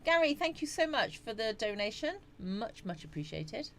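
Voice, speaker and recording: She's a middle-aged livestream host chatting casually from home, greeting viewers by name and reading their comments aloud. The voice is on the high side and very animated at a normal speed, with a little hiss or hum present. Talkative throughout, she yawns and laughs frequently.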